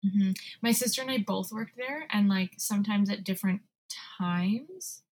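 A woman's voice: mid-range voice, normal speed, darkish tone. A young adult woman co-hosting a podcast in casual chat, rambling and giggly as she talks. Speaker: podcast co-host.

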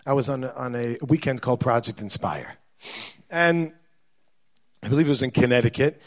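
A man, a father of young children, telling a personal story in an animated way, repeating words and acting out what others said. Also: mid-range voice, moderate pace. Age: adult, father of young children. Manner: lively, acts out quoted dialogue, repeats words when excited.

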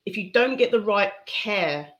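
A woman's voice: medium pitch, animated, a little slow, dull audio. Candid woman sharing her story. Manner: candid and reflective, with soft laughs. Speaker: interview guest. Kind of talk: personal testimony in conversation.

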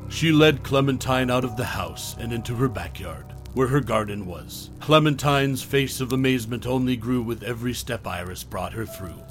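Man, horror story narrator, measured, mid pitch, faint music under.

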